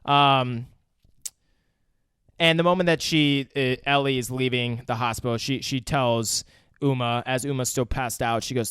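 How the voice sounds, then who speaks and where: A man's voice: mid-range voice, measured pace, clear, resonant tone, dry recording, studio quality. A man casually recapping a film scene by scene on a podcast, swearing freely and getting worked up. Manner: profane, excitable retelling of scenes. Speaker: podcast co-host. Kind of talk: casual movie review chat.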